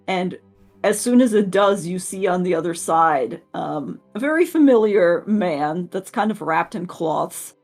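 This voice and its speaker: A woman's voice: on the low side, lively intonation, a little slow, darkish tone, faint music behind. A woman narrating as game master in a tabletop game, with a hesitant manner and many fillers.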